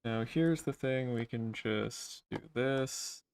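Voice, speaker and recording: Male streamer, mid pitch, smooth clear voice, relaxed thinking-aloud delivery while coding. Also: takes it slowly. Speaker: livestream host and programmer. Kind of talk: casual coding livestream chat.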